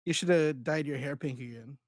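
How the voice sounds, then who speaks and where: A man's voice: fairly high pitch, no room sound. Joking podcast co-host, a man. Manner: joking, drops into quick impressions. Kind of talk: casual chat.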